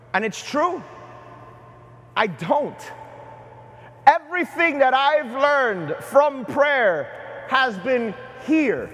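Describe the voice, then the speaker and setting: A middle-aged man, a bishop, preaching a sermon at Mass with animated delivery and questions to the congregation. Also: extremely high pitch. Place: large cathedral. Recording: long cathedral reverb.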